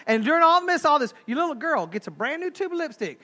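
A Texan pastor preaching to his church, folksy and quick to tell comic stories. His voice is very high and bright for a man. It sounds sharp and forceful when he drives his points home. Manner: folksy, humorous, animated storytelling. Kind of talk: sermon.

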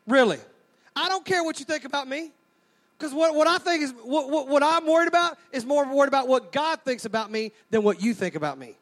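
A man's voice: very high voice, fairly quick, fairly bright tone. A man preaching a sermon, folksy and joking as he calls out to the crowd.

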